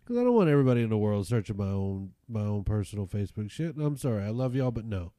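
A man's voice: on the low side, very animated, fast talker, warm tone, no room sound. Crude joking man, dry close mic. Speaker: podcast host. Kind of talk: casual chat.

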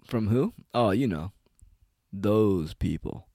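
Guy ranting on his channel, low voice, cursing a lot, says dude and like constantly. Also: animated, slow, dark tone, no echo, studio quality. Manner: profane, rambling, heavy on "like" and "dude". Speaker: online commentator. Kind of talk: casual rant.

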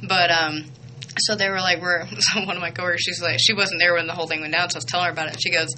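A young woman hosting a radio show, chatting excitedly and rambling with lots of fillers. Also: fairly low pitch, very fast, noisy background. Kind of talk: casual chatty radio intro.

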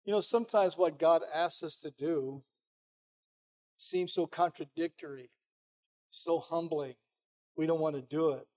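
A man's voice: fairly high pitch, a little slow, long pauses, darkish tone. A man preaching a sermon as pastor, conversational and emphatic, often saying "you know".

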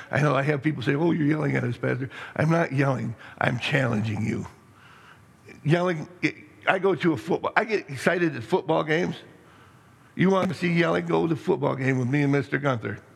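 A middle-aged man preaching a sermon as pastor, rambling and excitable, with many restarts and stammers. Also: fairly high pitch, vocal fry, slightly rough. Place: church sanctuary. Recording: long reverb in a hall.

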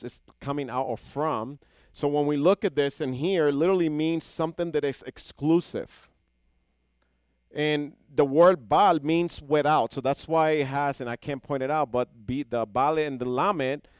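Male Bible teacher, fairly high and clear voice, dry close sound, explains Hebrew words and questions the room. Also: dry recording. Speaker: Torah teacher. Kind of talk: scripture teaching.

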